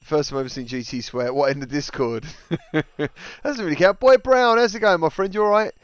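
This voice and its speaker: A man's voice: fairly high pitch, brisk, smooth, dry recording, muffled recording. A man hosting a casual gaming livestream, greeting viewers and reading out chat messages. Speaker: livestream host.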